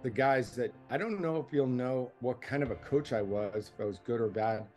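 Reflective coach over soft music. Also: male voice, medium pitch, normal speed. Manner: reflective and earnest. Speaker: tennis coach. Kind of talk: interview reflection in a tribute video. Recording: faint background music.

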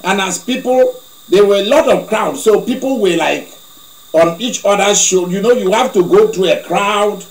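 A male preacher telling a story in a sermon, animated, with laughing asides. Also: high-pitched, moderate pace. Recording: echoey room.

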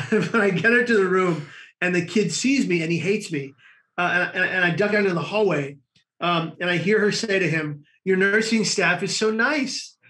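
A man, a guest on a talk show, telling a long personal story in an animated way with frequent laughs. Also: high voice, normal speed. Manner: animated storyteller, laughing often, many restarts. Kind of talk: storytelling in conversation.

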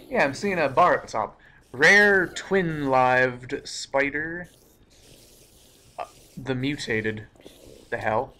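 A young man giving live commentary while playing a game, excitable, cursing often and breaking into startled outbursts. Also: mid-range voice, slow, long pauses, slight background noise. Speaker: let's play gamer.

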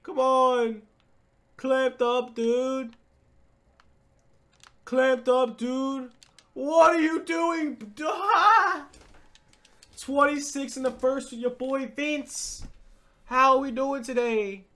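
High-voiced excitable man calling gameplay. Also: slow pace, long pauses. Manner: excitable, swings between muttering and shouting; repeats catchphrases. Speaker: gaming YouTuber. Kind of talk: live gameplay commentary.

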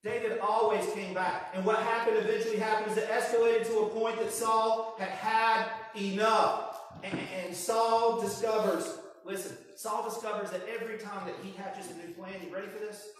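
A man preaching a sermon, telling the story with lively acted-out lines. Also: high voice, moderate pace, slight background noise. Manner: animated storytelling, acting out voices. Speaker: pastor. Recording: echoey hall from far off.

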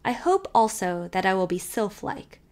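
Reading a child's letter written in the first person, this audiobook narrator is a woman with a medium-pitched voice. She keeps a normal pace and gives an expressive, varied performance.

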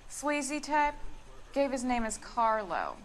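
A woman's voice: sits high, very animated, a little slow. A woman voicing a gossipy, disapproving building manager in a video game.

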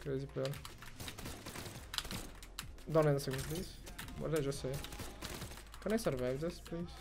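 A young man commentating on his own gameplay, excitable and foul-mouthed, swinging from muttering to yelling and ranting. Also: fairly high pitch, normal speed, gravelly, noisy background. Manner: excitable, swears, rants, swings from mumbling to yelling. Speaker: gamer streamer.

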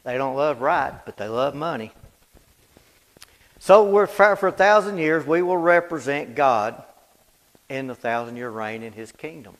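A man preaching at a Bible study in a fervent, folksy way, repeating lines for emphasis and swinging between loud declarations and low, quiet asides. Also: expressive, unhurried, long pauses. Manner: folksy, plain-spoken. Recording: reverberant church hall.

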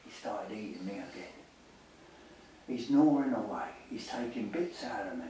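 A man's voice: lowish voice, animated, normal speed, warm tone. An older man, talking as a patient in a rambling way that trails off into hesitations. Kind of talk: candid conversation. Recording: echoey room, mic far off, faint hiss.

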